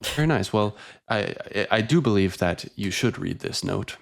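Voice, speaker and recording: A man's voice: lowish voice, expressive, normal speed, creaky. A man voicing a tiny rat with pigeon wings that speaks formally and courteously. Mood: polite.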